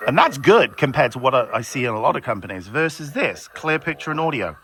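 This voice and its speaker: A man's voice: medium pitch, sing-song, quick pace, crowd noise. A man who runs a video transfer business, ranting bluntly and sarcastically in a vlog, with some swearing.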